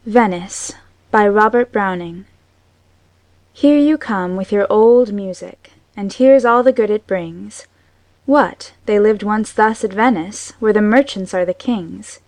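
A woman reading a poem slowly and carefully. The recording is dry and close. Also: medium pitch, darkish tone, no echo. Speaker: volunteer audiobook reader. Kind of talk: poetry reading.

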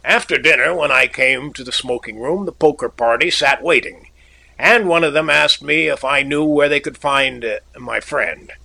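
A man narrating a story in a measured, literary way. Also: mid-range voice, creaky, sharp tone, poor audio. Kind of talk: audiobook narration.

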